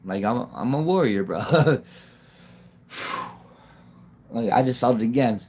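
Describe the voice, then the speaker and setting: This is a man talking off the cuff to viewers of his livestream on his phone. His speech rambles and halts, with many phrases left unfinished, and he laughs often. His voice sits at an ordinary pitch for a man. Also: expressive, slow pace, a little mellow, husky. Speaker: YouTube livestreamer. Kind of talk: casual livestream chat.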